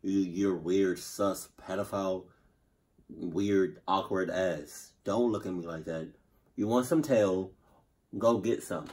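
A man hosting a reaction video, talking in animated, profane, slangy banter. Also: deep voice, takes it slowly, husky. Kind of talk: casual reaction commentary.

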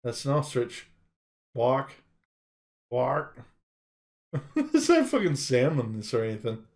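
A man's voice: medium pitch, wildly swooping pitch, moderate pace, darkish tone. A young man streaming a game, exasperated, sweary and sarcastic, on a desk mic.

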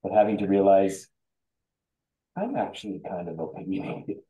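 A man's voice: low-pitched, animated, moderate pace, lo-fi sound. A man in a casual group conversation, speaking candidly and reflecting on himself. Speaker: discussion participant.

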